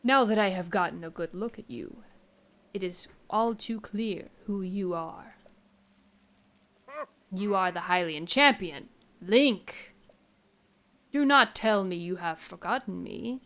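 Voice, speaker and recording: A woman putting on an elderly giant king of a fish-like folk, kindly and dignified. He speaks slowly and formally, with a lowered, stately voice, as game dialogue read aloud. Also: fairly bright tone. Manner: slow, measured and formal.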